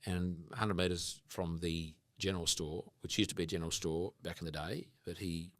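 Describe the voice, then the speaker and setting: An Australian man telling animated stories and sometimes swearing as a podcast guest. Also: low voice, normal speed, no echo. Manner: animated storyteller, casual swearing. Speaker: guest farmer. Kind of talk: casual podcast conversation.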